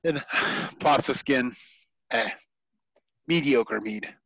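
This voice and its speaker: A man running a tabletop game as game master, narrating in a halting way with many ums and restarts. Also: medium pitch, gravelly, pushed and bright, breathy edge, no room sound, muffled recording.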